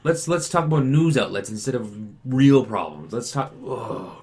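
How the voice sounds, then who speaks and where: A man's voice: mid-range voice, lively intonation, moderate pace, a little mellow. A young man from western Canada chatting about politics in an exasperated, sarcastic way, acting out mocking voices. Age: young adult. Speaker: co-host. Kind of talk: casual political chat.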